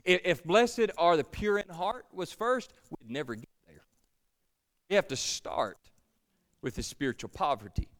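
A man's voice: fairly high pitch, expressive, unhurried, a bit bright. A man preaching a sermon as pastor, earnest, with repeated words and a voice that swells and falls away.

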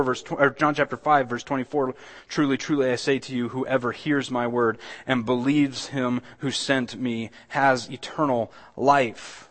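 A man delivers a sermon in an everyday, talky way, with a voice of ordinary middle pitch. He trips over repeated words and restarts his sentences. On the key lines he builds up and gets louder. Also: steady tone, moderate pace. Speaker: pastor.

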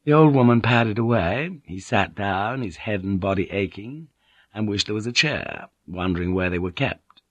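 A man reading a novel aloud as a narrator, measured and even. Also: on the low side, no echo, highs cut off. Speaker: audiobook narrator. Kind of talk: scripted narration.

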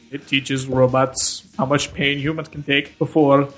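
A man voicing a male mad scientist who talks in flat, halting, robot-like broken speech. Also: sits high, close to an everyday voice. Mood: deadpan. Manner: flat, halting, robotic delivery with dropped articles.

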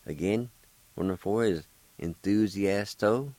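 A man's voice: fairly low pitch, unhurried, darkish tone, dry recording, poor audio. A man hosting a radio language lesson. He patiently spells words out letter by letter, repeats each one, and encourages his listeners. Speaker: language teacher and radio host.

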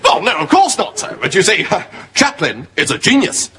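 A man's voice: high voice, wildly swooping pitch, normal speed, bright, forceful tone, a little hiss or hum, heavily acted. A man playing a naive young officer in a studio sitcom, hearty and gushing. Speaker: lieutenant.

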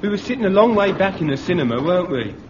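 An actor playing a naive, eager young private in an old radio comedy. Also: male voice, high voice, sing-song, fast talker. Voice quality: boyish, eager. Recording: muffled old radio recording with hiss.

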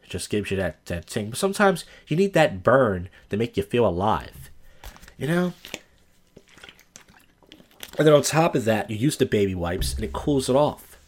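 A man's voice: on the low side, very animated, normal speed, pauses often. A man hosting a podcast, telling crude, rambling, self-deprecating stories in a casual monologue. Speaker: podcast host.

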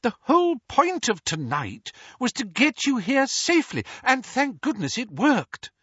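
A fussing motherly witch with a high, strained voice, pleading and coaxing her charges, as a male narrator puts her on. Her words come out a little husky, on a slightly dull, dry audiobook recording. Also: very animated, unhurried, a bit bright, dry recording, exaggerated voice. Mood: protesting.

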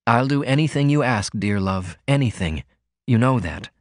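A man's voice: mid-range voice, expressive, normal speed, no room sound, studio quality, close to an everyday voice. A man voicing an eager, earnest young writer. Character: poor, ardent young male writer. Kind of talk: audiobook character voice.

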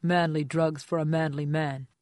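An audiobook narrator voicing a drunk, drugged young man who talks slowly, mumbling and sulky. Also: medium pitch, steady tone, no room sound, clean studio sound, lightly acted. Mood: smirking. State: drunk and slurring. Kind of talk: audiobook character voice.

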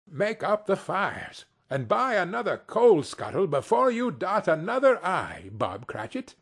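A man's voice: on the high side, sing-song, slow pace, exaggerated voice. A man reading an audiobook, voicing an old man who plays stern and then turns hearty and generous. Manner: gruff mock sternness turning hearty. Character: old man, reformed miser, suddenly jovial. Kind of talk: storybook reading.

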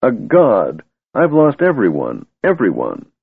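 A man's voice: on the low side, wildly swooping pitch, a little slow, vocal fry, husky, voice pushed up, full character voice. A man voicing a small, childlike kender with a small, mumbling voice. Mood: despairing. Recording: tinny, phone-like and dry.

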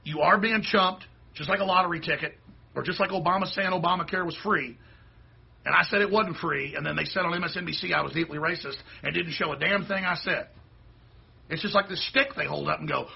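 A man hosting a show, delivering a heated, combative political rant that bursts into shouting. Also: on the high side, a little fast, gravelly, slightly rough, dull audio. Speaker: host.

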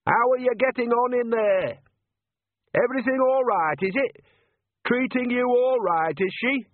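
A man's voice: fairly high pitch, animated, a little slow, breathy edge, dry recording, narrow, tinny audio, voice pushed up. A man voicing a blunt, cheeky old village witch with a teasing, homely way of talking.

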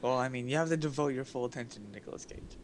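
A man's voice: mid-range voice, racing, a little hiss or hum. A young man chatting casually with friends, teasing them and joking around. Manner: teasing, jokey banter. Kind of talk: casual chat.

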